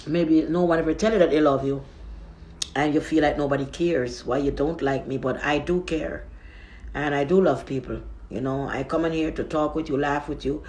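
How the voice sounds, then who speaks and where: A woman, speaking into a phone on a live stream. She rambles softly, moving between prayer and warm reassurance. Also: sits low, steady tone, moderate pace. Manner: soft, rambling, affectionate reassurance.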